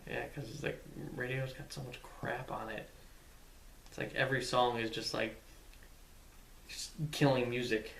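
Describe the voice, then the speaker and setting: A man in his twenties answering questions in a relaxed, hesitant way, with short replies and frequent "um"s, during a casual couple vlog. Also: mid-range voice, moderate pace, creaky, long pauses, far from the mic. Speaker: vlog guest, husband. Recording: echoey room, away from the mic, faint hiss.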